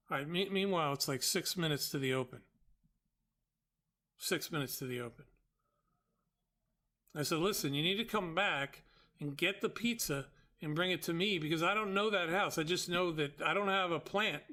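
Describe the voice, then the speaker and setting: Bright-voiced man telling an exasperated story. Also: on the high side. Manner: exasperated, quick retelling with quoted dialogue. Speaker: trading show host. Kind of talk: animated storytelling.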